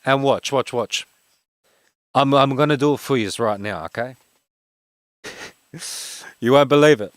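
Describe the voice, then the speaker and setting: A man in his twenties from Australia with a broad Western Sydney accent, a game streamer who talks fast and rambles with many fillers in casual chat. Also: mid-range voice, fairly bright tone, dry recording. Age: 20s.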